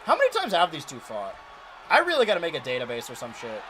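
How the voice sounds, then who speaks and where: Casting: young man, slightly high voice, excitable play-by-play game commentator, out of breath at times. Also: fast talker, background noise. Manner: animated, shouts and pleads at big moments, mutters while counting. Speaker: streamer commentating a wrestling video game.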